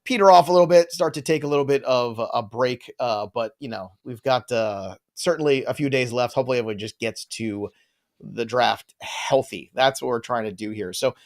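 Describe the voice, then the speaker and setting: A man's voice: medium pitch, fairly quick. A man hosting a casual live fantasy sports draft show, bantering and teasing his co-hosts. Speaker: fantasy baseball podcast host.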